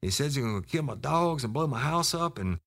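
A man's voice: fairly low pitch, expressive, slow pace, no room sound, studio quality, pitched above the performer's own voice. A man putting on the voice of a scared, crying young male informant who stammers and pleads for help. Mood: pleading, panicked.

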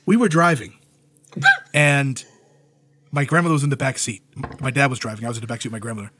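A man on a podcast, chatting casually and telling profane, animated stories. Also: medium pitch, fast talker. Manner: animated storyteller, swears freely, acts out quoted voices. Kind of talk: casual chat.

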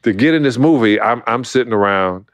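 A middle-aged man from Brooklyn, an animated storyteller who acts out quotes and laughs often, talking as a guest in a casual interview. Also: mid-range voice, fairly quick, dry recording. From Brooklyn, New York. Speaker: guest, former basketball player.

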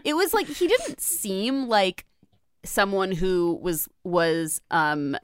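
A woman co-hosting a casual podcast, upbeat and animated, quoting herself in funny asides. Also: mid-range voice, slow pace, clean tone, dry recording, clean studio sound. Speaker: podcast co-host. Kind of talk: casual chat.

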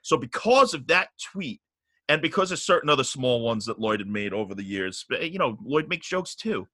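A middle-aged man tells a story on a podcast, his voice bright and forceful. He swears freely and gets worked up as he talks. The sound is close and dry. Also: mid-range voice, normal speed, dry recording. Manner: animated, profane, gets riled up. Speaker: guest telling a story.

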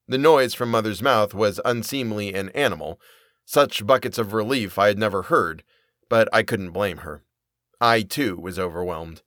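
A man reading a period story aloud as narrator, in an expressive, measured way. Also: lowish voice, no echo, clean studio sound. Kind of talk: audiobook reading.

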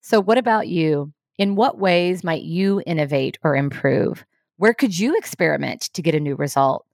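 A woman hosting a short leadership podcast, giving a scripted, encouraging talk with a measured storytelling manner. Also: low-pitched, expressive, darkish tone, no echo, clean studio sound.

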